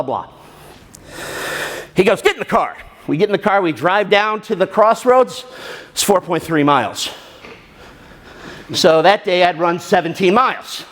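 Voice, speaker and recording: A middle-aged man speaks to an audience in a fairly high voice. He tells his story with lots of energy and acts out the other people's voices as he goes.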